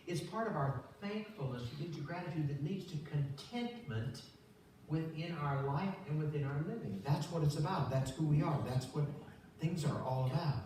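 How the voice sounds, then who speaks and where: A man's voice: on the high side, recorded from a distance, a little hiss or hum. An older male pastor giving a conversational sermon, telling stories and acting out the voices in them. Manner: conversational, animated storytelling with acted-out voices. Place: church sanctuary. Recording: very echoey church recorded from afar.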